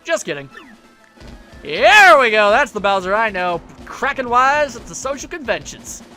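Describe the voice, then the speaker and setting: A man's voice: very high voice, expressive, normal speed, sharp tone, faint music behind. A man giving casual, joking commentary while playing a video game, rambling playfully. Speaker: let's play commentator.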